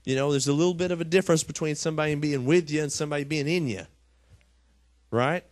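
A man's voice: on the high side, fast talker, no echo. A man preaching a conversational sermon from scripture. He often repeats his words and asks the congregation "Amen?". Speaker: pastor.

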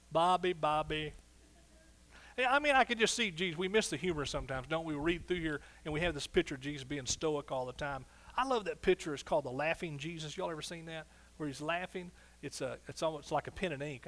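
Animated preaching pastor, fairly high voice. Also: male voice, fast, few pauses. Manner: animated, swings between soft asides and loud exclaiming. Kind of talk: sermon.

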